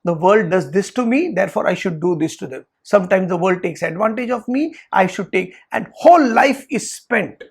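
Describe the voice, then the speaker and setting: Brief: teacher, high husky voice, emphatic storytelling. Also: male voice, animated, moderate pace, few pauses. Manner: emphatic, repetitive, preaching. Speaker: Vedanta teacher. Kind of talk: spiritual talk with storytelling.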